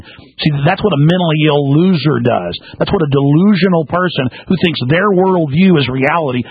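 A man hosting a talk radio show, delivering a fiery rant that swings between shouting and low, mocking tones. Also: slightly rough, no room sound. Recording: dry phone-like radio sound.

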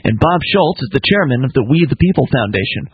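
A man's voice: mid-range voice, fast, husky, no echo. A man hosting a call-in talk radio show, chatting casually and reading out web addresses and phone numbers. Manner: relaxed, conversational, reads plugs and phone numbers. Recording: muffled radio broadcast audio.

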